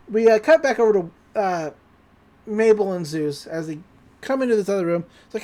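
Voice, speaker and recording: A young woman casually recapping a cartoon episode, slipping into quick character voices as she tells it. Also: medium pitch. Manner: animated, does quick voices for characters while retelling. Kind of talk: casual recap with acted quotes.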